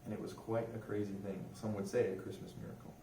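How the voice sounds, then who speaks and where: A man's voice: lowish voice, flat delivery, fast, mellow. Chatty young airman talking in a roomy hall. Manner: chatty, asks the audience questions. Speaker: religious affairs airman giving a talk. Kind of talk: informal history talk to a museum audience. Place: museum room. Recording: roomy hall, distant mic, faint noise.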